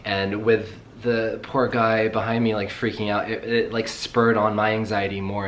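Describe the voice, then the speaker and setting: A young man in casual vlog chat, rambling and excitable, swearing casually as he talks. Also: fairly low pitch, normal speed, hardly any pauses, a little hiss or hum. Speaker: travel vlogger.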